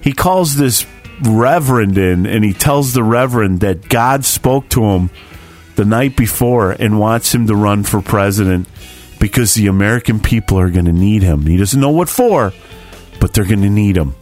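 A man's voice: on the low side, animated, normal speed, a little mellow, faint music behind. A man in casual chat, rambling through a story with lots of swearing and laughs.

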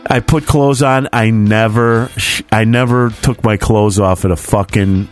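A man's voice: lowish voice, fairly even intonation, a little slow, soft background music. A man in his forties telling a story as a podcast co-host, swearing freely and acting out his reactions. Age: 40s. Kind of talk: casual storytelling chat.

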